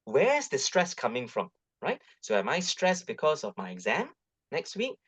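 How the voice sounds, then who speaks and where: A middle-aged man with a Malaysian English accent gives a webinar talk on parenting, coaxing and lively, full of tag questions. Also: fairly high pitch, normal speed, breathy edge. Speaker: guest speaker. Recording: dull lo-fi webinar audio.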